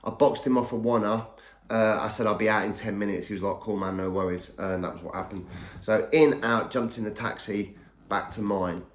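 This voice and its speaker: A man's voice: fairly low pitch, fairly even intonation, moderate pace. A middle-aged man telling his own story in a casual, rambling way, often repeating and restarting words. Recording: echoey room.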